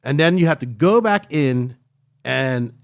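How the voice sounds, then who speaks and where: A man telling a long travel story in casual podcast chat, rambling and animated, tagging lines with "right?" and "like". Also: mid-range voice, a little slow, creaky.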